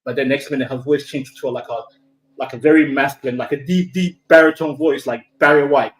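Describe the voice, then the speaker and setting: A young man from Somalia telling a spooky story to a group of friends in a casual, animated way, full of swearing, repeats and restarts. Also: mid-range voice, fairly quick, rough recording.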